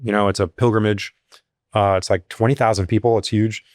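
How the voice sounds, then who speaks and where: Man, low voice, casual storytelling, lively jumps in pitch, dry close mic. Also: fairly quick, no echo. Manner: animated, rises sharply when acting out quotes; filler-heavy, restarts. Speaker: security company CEO, guest.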